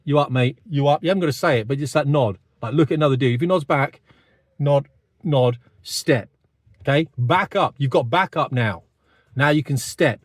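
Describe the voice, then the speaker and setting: This British commentator in his fifties talks fast and bluntly to the camera, with lively intonation in a mid-range voice, often adding "mate". The audio is clean studio sound without any room reverb.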